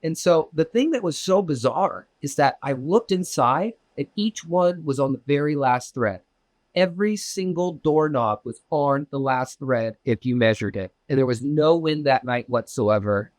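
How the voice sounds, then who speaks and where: A Southern California man tells an interviewer about his UFO experience in a loose, profane, animated way, his pitch jumping sharply whenever he acts out what someone said. His voice is slightly high and he talks at a normal speed. The recording is dry and close, with no room sound.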